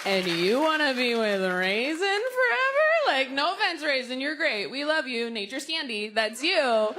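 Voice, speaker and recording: A woman's voice: high voice, big pitch swings, moderate pace, few pauses, sharp tone, some chatter behind. A young woman doing a playful stand-up set on a club stage, laughing at her own jokes. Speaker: stand-up comedian. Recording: live club recording with noise. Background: audience laughter.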